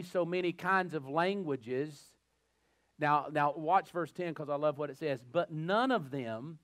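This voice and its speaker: A man with a Southern American accent preaching a sermon as a pastor, animated and repeating words as he builds a thought. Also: on the high side, no echo. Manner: animated, acts out little scenes and voices. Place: church.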